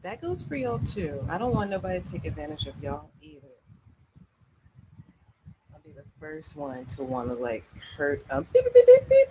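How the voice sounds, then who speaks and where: A woman's voice: deep voice, expressive, normal speed. A woman chatting candidly and freely on a casual live stream at home while she paints. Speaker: livestreamer. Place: indoors at home. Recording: loud background noise.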